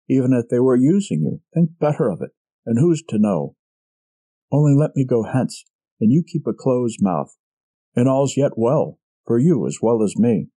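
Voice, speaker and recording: A man's voice: medium pitch, mellow, no room sound, natural voice. A man reading a story, voicing a frightened, scheming murderer who pleads in a feverish, breathless manner. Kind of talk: audiobook character reading.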